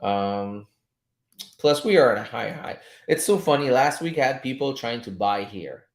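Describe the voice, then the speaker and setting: A man's voice: mid-range voice, expressive, normal speed. Chatty male trading coach, roomy sound. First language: French. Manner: loose and chatty, swears casually, chuckles often. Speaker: trading coach streaming live. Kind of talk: casual live-stream chat while reading charts. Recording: roomy echo.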